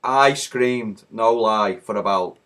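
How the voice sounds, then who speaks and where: A hoarse man with a Liverpool accent, recapping a football match in a rowdy, swearing storytelling way. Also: lowish voice, slow, a bit bright. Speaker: football fan vlogger.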